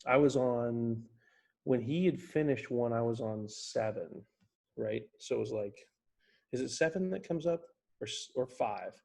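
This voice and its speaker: A man guest on a casual podcast, telling a long animated golf story in a rambling way. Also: mid-range voice, unhurried, vocal fry.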